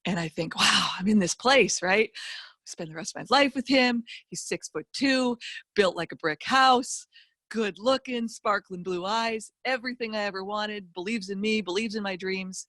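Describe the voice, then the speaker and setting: A middle-aged woman speaks as a guest in a motivational talk. She tells her story emphatically, with lively asides. Her voice sits mid-range, recorded close with no room echo. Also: mid-range voice, normal speed. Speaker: guest speaker, financial educator.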